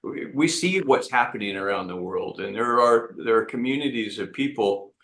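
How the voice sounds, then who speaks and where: Man, earnest, halting restarts, bright voice, echoey room. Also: medium pitch. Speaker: entrepreneur guest. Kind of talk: reflective interview talk.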